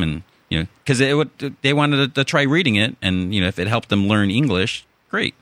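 A man with a Chicago accent talks in a lowish voice that has a bright, forceful edge. His rambling, restart-heavy podcast chat sounds close and dry. He keeps circling back to finish his thought. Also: animated, fast talker, hardly any pauses, no room sound. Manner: rambling, many restarts and fillers. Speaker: podcast host. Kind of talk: casual chat.

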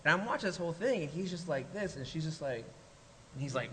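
A man with a bright, sharp voice tells a lively story on a convention panel, laughing along the way. A long hall reverb hangs on his voice. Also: fairly high pitch, fast. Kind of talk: casual anecdote on a convention panel. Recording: hall reverb, faint noise.

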